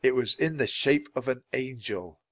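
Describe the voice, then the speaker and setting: A man reading a children's adventure book aloud, clear and steady for language learners. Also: mid-range voice, moderate pace, no room sound. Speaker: storybook reader.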